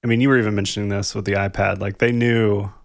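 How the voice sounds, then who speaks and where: A man's voice: fairly low pitch, flat delivery, fast, no room sound, clean studio sound. A man in his thirties, a podcast co-host, reflecting casually on parenting, thoughtful, saying "like" a lot and laughing lightly. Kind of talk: casual conversation about parenting.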